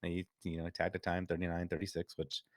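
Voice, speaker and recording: A man's voice: sits low, completely flat delivery, brisk, no room sound, studio quality. A man hosting a casual podcast chat, laughing often and reading out viewer comments. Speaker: podcast host.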